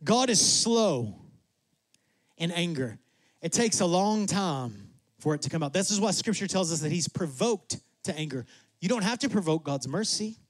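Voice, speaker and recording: A man preaching a sermon in a lively way, acting out God and Moses in quick asides. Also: no room sound. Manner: drops to a soft, low voice for emphasis. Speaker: pastor.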